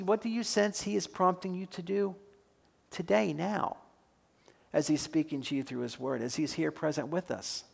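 Gravelly-voiced man preaching a sermon. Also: high voice, fairly bright tone. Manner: earnest, posing reflective questions and leading prayer. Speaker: pastor.

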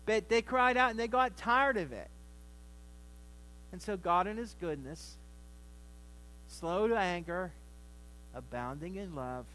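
High-voiced folksy male preacher. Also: a bit bright, poor audio. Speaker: pastor. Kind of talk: Thanksgiving sermon.

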